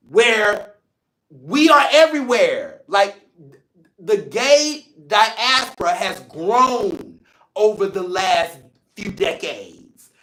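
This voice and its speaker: A man hosting a show, speaking to viewers in an emotional, expressive way with playful asides. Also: high voice, reverberant. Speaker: host. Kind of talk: heartfelt personal talk to viewers.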